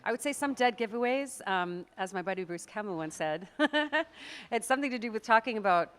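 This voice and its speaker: In an interview, a Canadian-accented actress and accent coach explains pronunciation and says words aloud to demonstrate, laughing often. Her voice is on the high side, slightly fast, lively in intonation, a bit bright and smooth.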